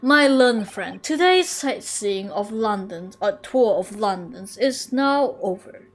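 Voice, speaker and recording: A woman voicing a cold, haughty male British prosecutor in a lowered, hushed drawl while reading a game's lines aloud. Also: lively intonation, takes it slowly. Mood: cold, mocking.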